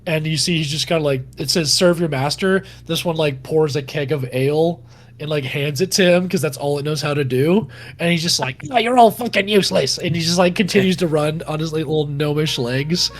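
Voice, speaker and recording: A man's voice: a little high, fairly quick. A man narrating as game master of a tabletop game, talking casually with many fillers.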